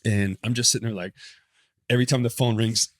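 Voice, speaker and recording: Profane, animated man telling stories. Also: mid-range voice, fairly quick, no room sound, studio quality. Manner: animated, profane, self-correcting storyteller. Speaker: podcast guest, former pitcher. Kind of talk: casual storytelling interview.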